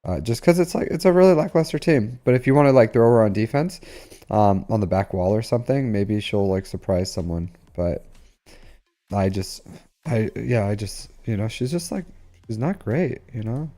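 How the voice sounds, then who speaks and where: A low, mellow male voice drifts through a relaxed live-stream chat, full of ums and restarts as he answers viewers. Soft music plays faintly behind him. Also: normal speed. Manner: rambling, filler-heavy, talks to chat. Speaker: game streamer.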